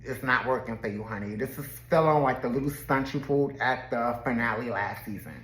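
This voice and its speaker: A woman's voice: rumbling low, brisk. A woman giving a casual, gossipy recap of a reality TV episode, chatty and laughing often. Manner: chatty and laughing, often slips into quoted voices. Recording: roomy echo.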